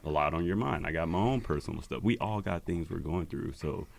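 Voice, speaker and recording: A man's voice: sits low, a little fast, creaky. A man hosting a podcast, talking in a reflective casual way with many fillers. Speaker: podcast host. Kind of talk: casual chat.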